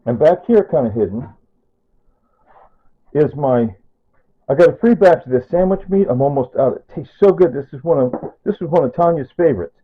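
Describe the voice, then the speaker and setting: A man's voice: a little high, animated, normal speed, slightly rough. A man chatting casually about his home cooking, rambling, repeating himself and correcting himself as he goes. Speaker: cooking vlogger. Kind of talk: rambling casual kitchen talk. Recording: tinny phone-like audio.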